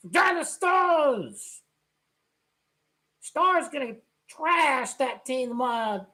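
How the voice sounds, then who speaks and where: A woman ranting about basketball as a sports vlogger, loud and excitable, often shouting and repeating herself. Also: high voice, drawn-out words, long pauses.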